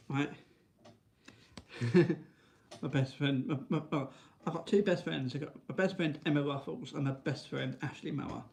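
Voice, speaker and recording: Casting note: male vlogger, gravelly fry, rambling chatty delivery full of restarts. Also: moderate pace, long pauses, a little mellow, slight background noise. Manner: rambling, restarts, frequent "right?"; high sing-song baby talk to his dog. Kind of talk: casual chat to camera.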